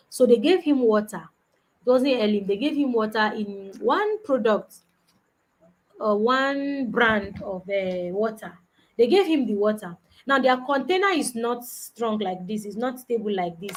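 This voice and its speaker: Woman coaching, chatty and repetitive. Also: on the high side. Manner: conversational, repeats "you understand?", acts out customers. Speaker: business coach. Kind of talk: conference talk.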